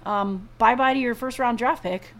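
A woman co-hosts a sports news talk show. Her voice sits a touch high, and she chats loosely about the headlines, piling up fillers and restarting her sentences as she goes. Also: moderate pace. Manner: chatty, many fillers and restarts. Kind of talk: casual news chat.

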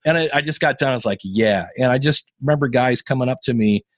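A man in his fifties, a podcasting guest, telling animated, self-deprecating stories in a casual interview. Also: mid-range voice, quick pace, no room sound. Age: 50s.

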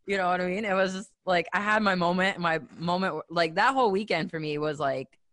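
A woman talking in casual chat, excitable and gushing about fond memories. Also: fairly low pitch, fairly quick.

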